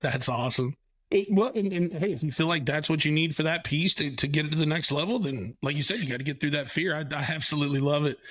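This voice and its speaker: A man's voice: a little high, quick pace, fairly bright tone, no room sound, rough recording. A male podcast host asking questions in a loose, enthusiastic style, swearing casually and using lots of fillers. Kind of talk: casual interview chat.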